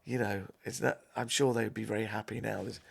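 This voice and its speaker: A man's voice: on the low side, steady tone, fast talker, vocal fry, breathy edge. A middle-aged man, chatting casually as a podcast guest, rambling and self-deprecating. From South East London. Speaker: podcast guest, comedic actor. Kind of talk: casual chat.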